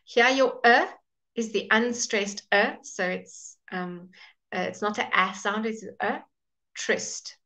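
A woman's voice: mid-range voice, unhurried, bright, forceful tone, low-quality recording. A woman teaching a live online English pronunciation lesson, patiently modelling words and greeting viewers by name.

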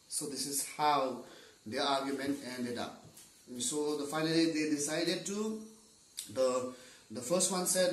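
A man's voice: fairly high pitch, measured pace. A male teacher retelling a story in an online class lesson, often hesitating and repeating words while he searches for them. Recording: roomy, distant mic.

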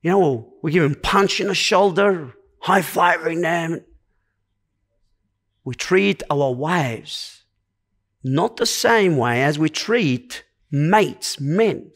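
A man's voice: on the high side, lively intonation, slow, fairly bright tone. A man preaching a sermon to a congregation, earnest and exhorting, driving his points home with short repeated commands.

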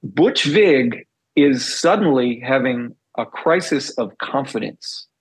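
A middle-aged man, a former band bassist, telling stories in a casual interview and acting out the dialogue he recalls. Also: slow pace, breathy edge, rough recording. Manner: animated storyteller, acts out quoted dialogue.

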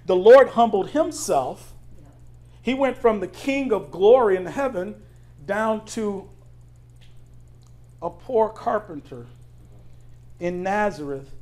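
In a church sanctuary, a high-voiced pastor gives a conversational sermon, asking the congregation questions and laughing as he shares stories about himself. His pace is slow with frequent pauses, and he shifts from soft, low asides to loud, excited outbursts.

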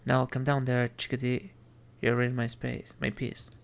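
A man voicing a crude male devil on a train, low and gravelly, talking slowly. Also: completely flat delivery, natural voice. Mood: gruff. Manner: slow, crude, drawling.

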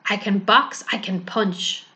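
A woman's voice: mid-range voice, steady tone, slow, sharp tone. A woman voicing a childlike, eager little bear who is easily upset, in a children's storybook reading. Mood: proud. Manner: childlike and pleading.

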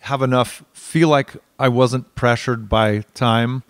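A man's voice: medium pitch, steady tone, takes it slowly, no room sound. A man with a mid-range voice chats as a guest in a recording studio. He is wry and playful, and he often stops and repeats words as he thinks. The sound is close and dry. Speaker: guest musician. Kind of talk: casual chat.

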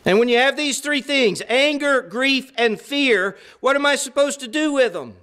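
A man's voice: very high voice, expressive, unhurried, few pauses, fairly bright tone, smooth. A middle-aged man preaching a sermon in an earnest, conversational way, stressing points through repetition.

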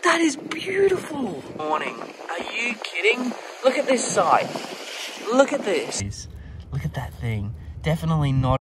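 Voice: medium pitch, very animated, unhurried. A vlogger beachcombing outdoors, exclaiming often in thrilled disbelief. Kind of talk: excited shelling vlog. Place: beach at low tide, outdoors. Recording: wind noise on an outdoor mic. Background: wind and open-air ambience.

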